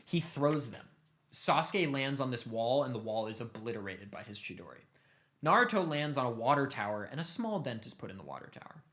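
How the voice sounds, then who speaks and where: A young man casually retelling a long story to his family, animated and cursing offhandedly. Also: mid-range voice, a little fast. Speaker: streamer host.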